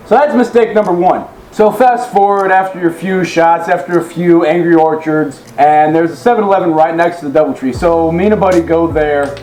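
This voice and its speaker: A man guest telling a rambling, animated anecdote in a casual chat. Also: fairly high pitch, brisk, few pauses. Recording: echoey room with faint music.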